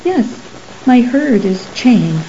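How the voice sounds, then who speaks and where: A woman playing a frightened young man who stammers out halting, slow words. The voice is mellow and soft-edged. The recording is slightly muffled with faint hiss. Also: a little high, very animated, pitched above the performer's own voice. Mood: fearful. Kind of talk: audiobook character reading.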